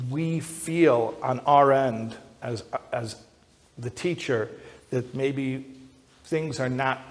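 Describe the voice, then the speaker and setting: A man who is an educator, giving a lecture that builds to emphatic high peaks, often repeating and restarting words as he thinks aloud. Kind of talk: lecture to an audience. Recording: long hall reverb.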